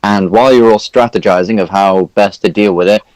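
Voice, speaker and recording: A man's voice: lowish voice, fairly even intonation, fast talker, a little mellow, no room sound, rough recording. A man recapping a tabletop game as dungeon master, rambling with fillers and correcting himself.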